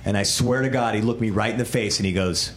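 A man doing a stand-up comedy set with a wry, deadpan delivery, recorded live in a club. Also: fairly low pitch, fast, reverberant, heavy background noise.

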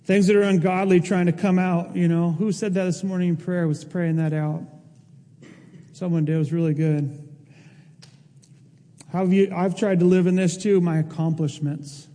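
A male pastor preaching a sermon in an impassioned way, his voice rising toward near-shouts. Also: high-pitched, steady tone, moderate pace, long pauses, in a large hall.

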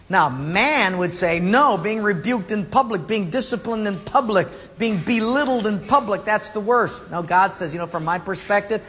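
A man preaching a sermon, telling stories with animated acted-out voices and dropping low and soft for emphasis. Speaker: pastor. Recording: hall reverb, faint room noise.

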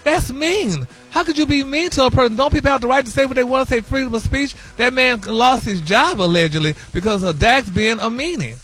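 A man's voice: extremely high pitch, animated, a little fast, few pauses, a bit bright, slightly rough, faint music behind, full character voice. A man playing a flamboyant, sassy gossip host on a morning radio show, calling everyone honey and y'all. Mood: indignant. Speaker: celebrity gossip correspondent. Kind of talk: comedic radio gossip bit.

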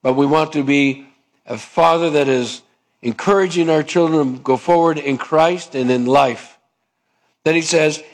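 A man preaching a sermon, asking his listeners questions and dropping low and soft on key points. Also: animated, unhurried. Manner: acts out both sides of dialogues, rising pitch for the stubborn voice. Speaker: pastor.

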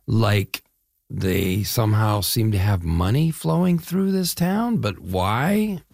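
Gravelly older man telling stories. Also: fairly low pitch, no echo, clean studio sound. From Chicago area, US Midwest. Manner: relaxed storytelling, drawn-out phrases, frequent "yeah". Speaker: actor, interview guest. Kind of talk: casual interview conversation.

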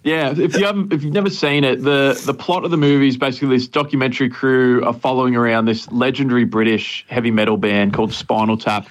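A man's voice: medium pitch, fairly even intonation, fast talker, few pauses. A man on a radio show, explaining a film's plot with enthusiasm in casual chat. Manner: enthusiastic, explains plots at length. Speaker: film reviewer guest.

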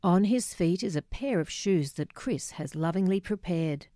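A middle-aged woman reading a memoir aloud, measured and quietly emotional, voicing the dialogue herself. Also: on the low side, lively intonation, dry recording, clean studio sound. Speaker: narrator.

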